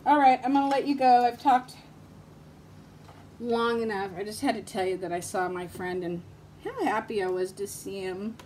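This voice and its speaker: A woman's voice: mid-range voice, steady tone, moderate pace, darkish tone, a little hiss or hum. A woman vlogger talking casually to her viewers, telling stories and laughing often as she goes. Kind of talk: casual chat vlog with storytelling.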